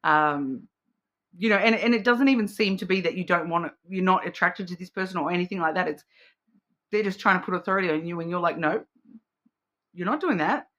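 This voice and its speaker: A woman's voice: on the low side, fast, fairly bright tone. A woman giving a casual, rambling card reading to camera, full of fillers and restarts. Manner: chatty and rambling, with frequent fillers, self-restarts and laughs; acts out playful quoted voices. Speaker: card reader.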